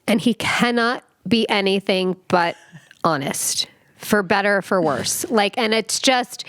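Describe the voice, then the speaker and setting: A woman's voice: mid-range voice, a bit bright, dry recording. A woman in her forties speaking earnestly and reflectively as a podcast guest, often restarting her phrases. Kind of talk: casual chat.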